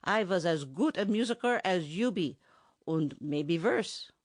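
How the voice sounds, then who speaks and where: Voicing a stubborn German musician from a band, a woman with a lowish voice uses a heavy German accent and broken English, sounding sarcastic. She speaks a little slowly and with animation, and the audiobook track is dry with no room sound.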